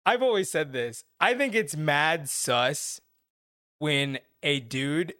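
A man's voice: fairly high pitch, animated, slow, bright, forceful tone, dry recording, studio quality. A man co-hosting a podcast, rambling and swearing through casual banter and laughing a lot. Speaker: podcast co-host.

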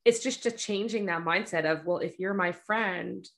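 A woman photographer with a slightly low voice, talking casually and bluntly. She jokes about herself as a smart aleck and acts out little exchanges with friends. Her tone stays chatty and frank. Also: normal speed. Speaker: photographer and podcast host. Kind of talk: casual podcast chat.

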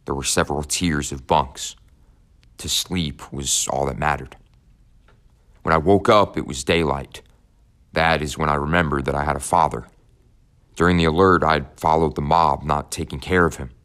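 A man narrating an audiobook in the first person, in a measured, somber tone. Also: very deep voice, fairly even intonation, a bit bright.

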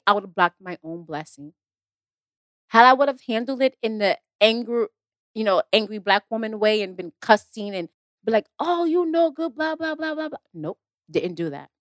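A woman's voice: mid-range voice, pushed and bright, no echo. A woman talking about her acting career in a casual motivational talk, emphatic and repetitive, acting out the exchanges she quotes. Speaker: actress giving career advice.

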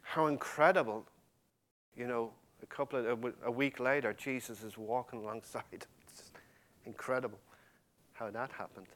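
A man preaching a sermon with passion, swinging from loud emphasis to hushed, near-whispered lines and addressing the congregation directly. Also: mid-range voice, fairly even intonation, moderate pace.

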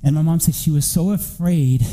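Bright high-voiced man preaching. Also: moderate pace, poor audio. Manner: storytelling, animated, rising to near-shouting. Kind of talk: sermon testimony.

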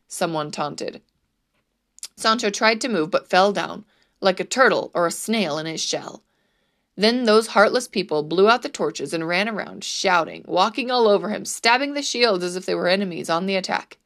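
A woman reading a storybook aloud in a measured, expressive way. Her voice sits at an ordinary middle pitch. Her narration is steady and clear.

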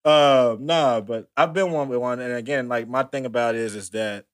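A man's voice: mid-range voice, normal speed. A man co-hosting a podcast, talking casually and earnestly, often hesitating and starting over. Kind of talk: casual chat.

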